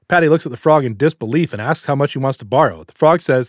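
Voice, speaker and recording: A man's voice: on the high side, quick pace, hardly any pauses, dry recording, clean studio sound. A man hosting a podcast, telling jokes in a casual, storytelling way. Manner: storytelling, animated delivery. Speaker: podcast host.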